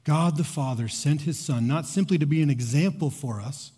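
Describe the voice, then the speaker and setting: Guy preaching a sermon, warm mellow voice, big echoey hall, gets emphatic and repeats himself. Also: fairly high pitch, normal speed, slightly rough. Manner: storytelling with acted quotes, rising to emphatic repetition. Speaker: pastor. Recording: long hall reverb.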